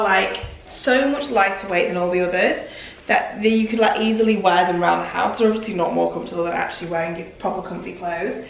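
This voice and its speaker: Brit girl chatting about clothes, says really really a lot, bit of faint hiss in the background. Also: mid-range voice. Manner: chatty, repeats "really" for emphasis. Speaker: fashion vlogger. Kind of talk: casual try-on vlog. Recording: roomy and distant with faint noise.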